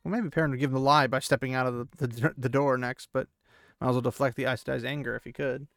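A man hosts a relaxed book podcast, retelling the chapter with joking asides. His voice has a gravelly, fry-tinged grain. It sits in a middle register, recorded close and dry. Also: medium pitch, fast, dry recording. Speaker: podcast host. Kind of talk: casual book recap podcast.

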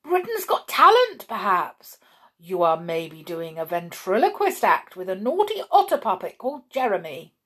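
A woman voicing an excitable, chatty male shopkeeper in a storybook reading, eager and effusive. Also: normal speed, slightly rough, exaggerated voice. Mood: excited. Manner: eager, effusive, high-pitched.

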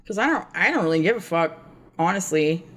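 A woman's voice: on the low side, expressive, fairly quick, fairly bright tone. A woman co-hosting a podcast, telling a rambling, profane story in casual chat. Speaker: podcast co-host.

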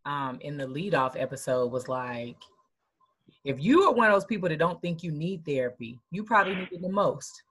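A woman's voice: deep voice, animated, normal speed, fairly bright tone, breathy edge. A woman hosting a podcast, talking things over in a reflective, casual way and speeding up when she makes a point. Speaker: podcast host. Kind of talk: casual conversation.

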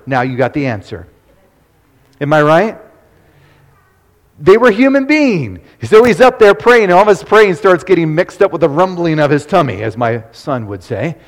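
A man leading an interactive Bible study, quizzing his listeners and repeating key points. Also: fairly high pitch. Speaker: Bible teacher. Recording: long hall reverb.

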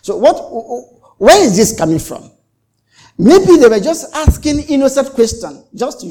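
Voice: high-pitched, very animated, normal speed, warm tone. A pastor preaching a sermon, repeating and restarting phrases for emphasis and acting out the exchanges he tells. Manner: dramatic, acts out the quoted exchanges.

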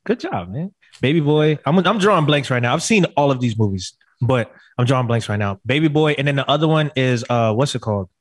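A man's voice: medium pitch, expressive, brisk, no room sound, studio quality. A man co-hosting a casual chat, laid-back and teasing his friends. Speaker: podcast co-host.

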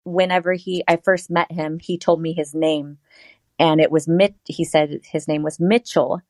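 A woman telling a personal story in a casual interview, animated and laughing often. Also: normal speed, no echo. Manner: animated, laughs often, quotes herself in a higher voice. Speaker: interview guest.

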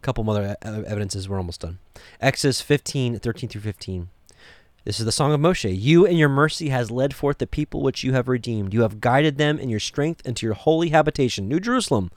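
A man's voice: mid-range voice, lively intonation, fairly quick, no room sound. A man teaching from the Bible, reading verses aloud with rising emphasis and adding pointed asides. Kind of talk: scripture reading and commentary.

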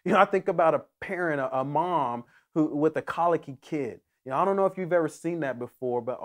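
Earnest pastor, man, slightly high voice. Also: brisk. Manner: earnest, emphatic, with frequent restarts and repetitions. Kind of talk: sermon.

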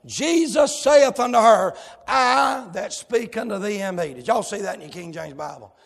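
A man preaching a fiery sermon, shouting and calling out to the congregation. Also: sits high, animated, moderate pace, long reverb tail.

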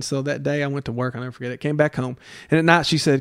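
A middle-aged man as a podcast guest, telling stories in a casual, animated way and acting out the voices of people he quotes. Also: racing, smooth, no room sound, studio quality. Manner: animated storyteller, acts out quotes with jumps in pitch. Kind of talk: casual storytelling interview.

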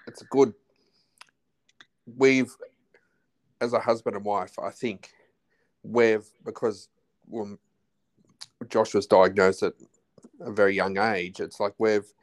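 A man's voice: lowish voice, fairly even intonation, slow pace, pauses often. An Australian man in his forties, a podcast guest talking casually, often restarting and trailing off mid-phrase. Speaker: podcast guest, husband of host. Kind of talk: casual chat.

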